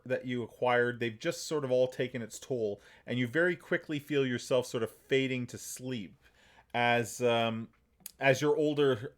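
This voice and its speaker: A man narrating a tabletop game as game master, halting and full of fillers. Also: mid-range voice.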